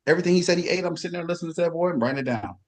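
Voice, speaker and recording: A middle-aged man, a guest bodybuilder, telling lively backstage stories and imitating other people's voices in casual chat. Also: fairly high pitch, very fast. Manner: animated storyteller, does voices of others. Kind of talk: casual storytelling.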